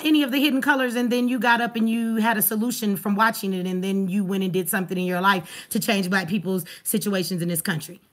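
A woman hosting a livestream, ranting angrily and profanely at her chat with rapid rhetorical questions. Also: fairly high pitch, fairly bright tone. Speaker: livestream host. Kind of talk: heated livestream rant.

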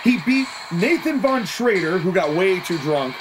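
A wrestling commentator calling the action play by play, excitable, openly taking sides, and quick to laugh. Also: mid-range voice, over music, rough recording.

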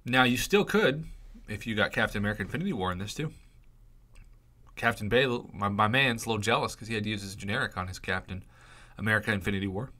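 A man with a lowish, bright, forceful voice hosts casual commentary on crystal openings in a mobile game. He is excitable and playfully melodramatic, groaning and pleading with the game as though every roll really matters. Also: quick pace. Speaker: YouTube gaming commentator.

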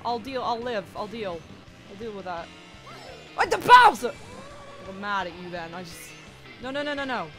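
A woman's voice: mid-range voice, brisk. Young woman swearing over game music. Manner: swears a lot, yells and wails at the game. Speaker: gaming YouTuber. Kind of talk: casual let's-play commentary.

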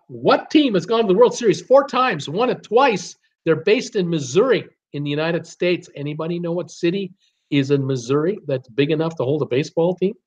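A man's voice: fairly high pitch, breathy edge, muffled recording. A man hosting a casual live-stream trivia game, chatty, reading out viewer names and answers with lots of fillers.

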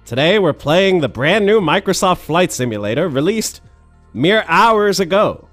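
A man's voice: expressive, measured pace, a bit bright, soft background music. A man putting on an old-timey pilot voice. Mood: jaunty. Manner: theatrical, high-pitched showman delivery. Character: jaunty old-timey male aviator, brash announcer. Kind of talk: gameplay video intro.

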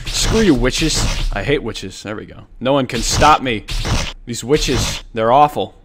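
A young man streaming a game, jumping from mutters to excited shouts as he plays. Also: on the low side, moderate pace. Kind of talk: excitable let's-play commentary. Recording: game music under the voice. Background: game music.

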